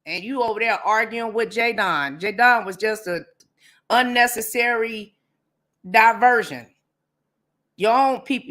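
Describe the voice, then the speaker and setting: A woman hosting a casual livestream, telling stories and commenting in a blunt, profane, animated way. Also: on the high side. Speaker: livestream host.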